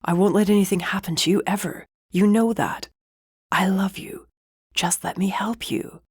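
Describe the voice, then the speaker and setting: A woman voicing a protective, tender husband who talks in a soft, soothing, reassuring way, recorded very dry. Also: medium pitch, fairly even intonation, normal speed, slightly rough, no echo, lightly acted. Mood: tender pleading.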